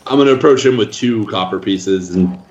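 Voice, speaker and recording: A man's voice: on the low side, a little fast, darkish tone, highs cut off. A man playing in a tabletop game, laid-back and amused. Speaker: player. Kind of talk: casual tabletop play.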